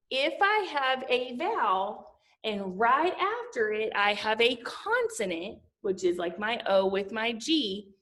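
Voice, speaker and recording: A woman teacher giving a slow, sing-song phonics lesson to young children, asking them questions as she sounds out letters. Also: fairly high pitch, a bit bright.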